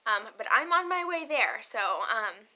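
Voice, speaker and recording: Bright, chatty young woman vlogging. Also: on the high side, big pitch swings, a little slow. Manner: chatty, emotional, laughs often, many fillers. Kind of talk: casual chat to camera.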